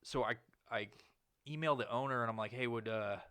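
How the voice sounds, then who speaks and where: A man's voice: brisk, smooth. Profane rambling man telling a story. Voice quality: profane, rambling delivery with many fillers. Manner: acts out quoted people with sudden loud, higher outbursts. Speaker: podcast host. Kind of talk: casual storytelling chat.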